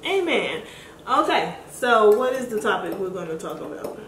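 A woman's voice: medium pitch, big pitch swings, normal speed, a bit bright. A woman co-hosting a home vlog in casual chat, giggly and chatty. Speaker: vlog co-host. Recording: echoey room with faint noise.

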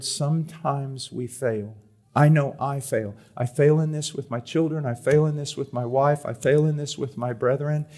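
Man preaching with loud and hushed swings. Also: fairly high pitch. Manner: swings from loud emphatic reading to soft, hushed pleading. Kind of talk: sermon. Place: conference hall.

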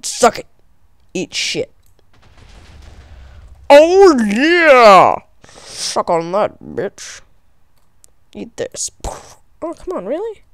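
A woman giving excitable, profane commentary while playing a game, often shrieking in panic. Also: on the high side, very slow, long pauses, no echo. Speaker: gamer. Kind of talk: let's play commentary.

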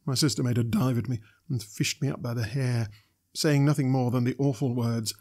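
A man reading a classic novel aloud as narrator, in a measured, steady way. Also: medium pitch. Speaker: audiobook narrator. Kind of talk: scripted narration.

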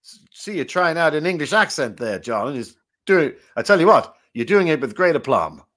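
A man's voice: a little high, big pitch swings, normal speed, a bit bright. A man doing a jovial old dead game-show host. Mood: chummy. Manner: chummy, rambling, self-mocking banter. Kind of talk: comic improvised game show.

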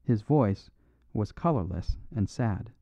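A man reading a mystery audiobook in an even, measured way. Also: lowish voice, no echo. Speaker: audiobook narrator. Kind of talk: scripted audiobook narration. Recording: dry phone-like narrow sound.

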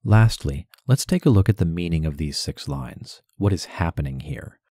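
A man giving a poetry lesson as a voice-over, measured and deliberate, carefully stressing syllables. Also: deep voice, expressive, warm tone, no room sound, clean studio sound. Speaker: poetry teacher. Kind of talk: instructional narration with poem recitation.

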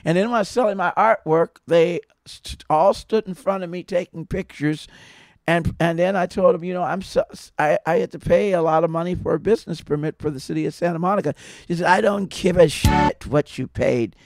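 A man with a gravelly, creaky voice pitched a little high, telling rambling stories full of restarts. He is recorded close and dry, with no room sound. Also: fairly even intonation, a little fast, no echo. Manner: rambling, repetitive storytelling with many restarts. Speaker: podcast subject telling stories. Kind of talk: casual rambling monologue.

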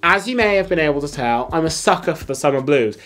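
A man's voice: a little high, expressive, fast talker, fairly bright tone. Slangy, blunt male watch vlogger. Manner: blunt, slangy and enthusiastic, with frequent fillers. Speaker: host. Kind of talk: casual watch ranking video.

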